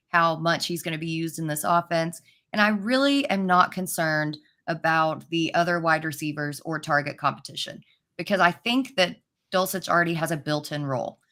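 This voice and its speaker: Female sports panelist, low register, casual chatty delivery. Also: bright, forceful tone. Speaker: fantasy football analyst.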